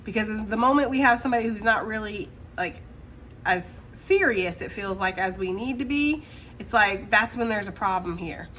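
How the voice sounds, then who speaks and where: A woman's voice: medium pitch, lively intonation, normal speed, fairly bright tone, a little hiss or hum. A woman giving a casual tarot reading straight to the viewer, chatty and laughing often. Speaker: tarot reader.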